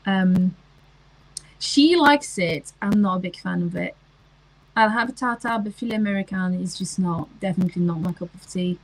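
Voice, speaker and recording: A woman's voice: fairly low pitch, moderate pace, low-quality recording. A woman, chatting casually on a livestream and answering comments, with lots of ums and restarts. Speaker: livestream host.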